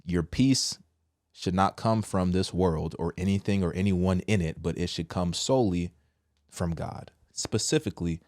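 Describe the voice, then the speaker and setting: A man hosting a casual opinion commentary, talking slangy and direct, swinging between loud outbursts and quiet low asides. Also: normal speed, no room sound, clean studio sound. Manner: casual slangy address, says bro. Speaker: commentary host.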